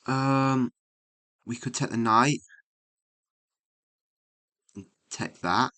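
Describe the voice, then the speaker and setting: A man thinking aloud as he works through chess puzzles, musing and muttering with frequent hums and pauses, mildly exasperated at himself. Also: medium pitch, pushed and bright. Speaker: chess streamer.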